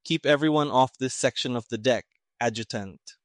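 A man voicing an impatient, gruff middle-aged army colonel who snaps curt orders. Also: mid-range voice, fairly even intonation, measured pace, no echo, clean studio sound, lightly acted.

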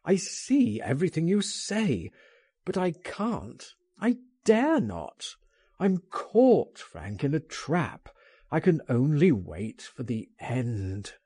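A man's voice: fairly high pitch, wildly swooping pitch, slow pace, mellow, breathy edge, dry recording, studio quality, heavily acted. A man voicing a frightened, despairing man who groans and pleads as if trapped. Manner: anguished, groaning.

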